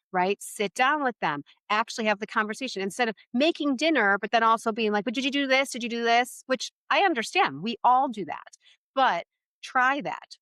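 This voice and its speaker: A woman talking as a podcast guest, giving parenting advice in an animated, chatty way full of "like" and "right?". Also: mid-range voice, no echo, studio quality. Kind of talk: casual interview conversation.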